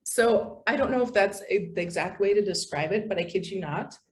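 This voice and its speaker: A woman from the United States, a podcast guest, telling stories in a chatty, animated way with many fillers. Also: mid-range voice, fairly quick. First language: English. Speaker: podcast guest, content writer. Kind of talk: casual interview chat.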